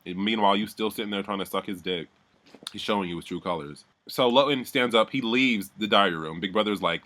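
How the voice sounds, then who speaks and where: A man's voice: lowish voice, brisk, fairly bright tone. A man giving a heated, profane recap of a reality show, talking animatedly and mimicking the people he describes. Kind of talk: heated casual recap rant.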